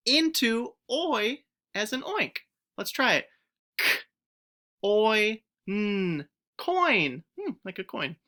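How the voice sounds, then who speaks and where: A woman teacher giving a recorded phonics lesson to young pupils, stretching out each word sound clearly and encouraging the children to join in. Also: mid-range voice, a bit bright. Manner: encouraging, speaks directly to children.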